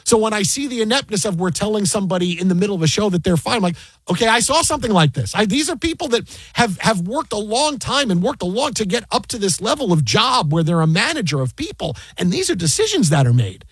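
A man's voice: sits high, big pitch swings, fast, a bit bright, slightly rough, dry recording. A middle-aged man, a sports broadcaster, telling a story in casual chat, acting out the quoted dialogue with many restarts. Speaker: sports broadcaster and podcast guest.

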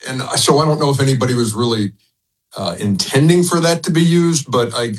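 A man's voice: mid-range voice, husky, low-quality recording. An older man chats as a guest on a radio show, his mid-range voice carrying a slight husk. He rambles through his stories, backtracking and restarting sentences with easy chuckles. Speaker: sports broadcaster, radio guest. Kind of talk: casual radio interview.

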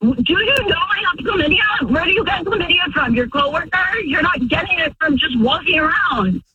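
A woman's voice: very high-pitched, animated, normal speed, bright, forceful tone, recorded from a distance, lo-fi sound, a little hiss or hum. A woman calling into a radio show, emotional and accusing, repeating herself as she confronts someone over the phone.

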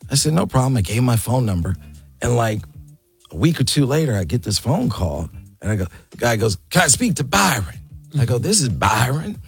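A man in his sixties, an interview guest, telling an animated story and acting out the quotes. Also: mid-range voice, fairly quick, slightly rough, soft background music. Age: 60s.

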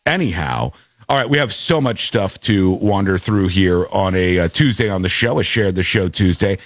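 A man hosting a talk show, chatting casually in a rambling, animated way and laughing often. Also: low voice, normal speed, no room sound. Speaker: radio show host.

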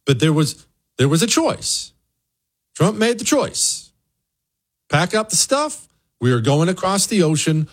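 A man hosting a political talk show, delivering an opinionated monologue and answering listener questions, jumping up in pitch on rhetorical questions. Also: measured pace, long pauses. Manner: emphatic, rising to high excited pitch on rhetorical questions.

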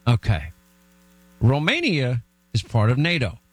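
A man's voice: mid-range voice, measured pace, husky, dry recording, rough recording. A man hosting a political talk show, telling stories bluntly with lots of restarts. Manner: blunt, animated storytelling with restarts.

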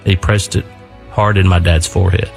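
Give me an older man with a gravelly voice, telling a family war story earnestly with thoughtful pauses. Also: deep voice, level tone, soft background music. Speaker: son telling his veteran father's story. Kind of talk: spoken storytelling.

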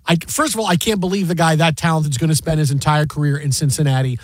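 A high-pitched man hosting sports talk radio, chatting casually and getting animated as he tells stories. His voice sits close and dry on the studio mic, with no room sound around it. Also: fast talker, dry recording. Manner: animated storyteller, loud sing-song impressions.

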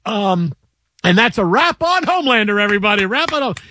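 A man in his fifties, a co-host telling rambling stories in an animated, laughing, casual chat. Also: high voice, fairly quick, very noisy. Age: 50s.

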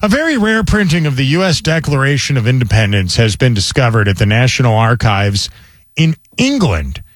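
A male radio host tells stories and reads news items in an animated, casual way. His voice swings up and down in pitch, and the studio sound is close and dry. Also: brisk, dry recording. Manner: animated storyteller with mock news reading. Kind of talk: casual talk radio banter.

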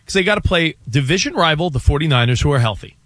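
A man co-hosting a sports radio show, chatting in an animated, excitable way and running through a team's schedule. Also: fairly high pitch, quick pace, dry recording. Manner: animated, jumps between excited bursts and asides. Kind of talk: casual sports talk banter.

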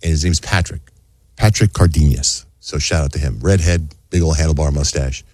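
Chatting casually, a man tells a story with real animation, acting out other people's lines in a raised, high voice. He speaks at normal speed, and the studio-quality recording has no room sound.

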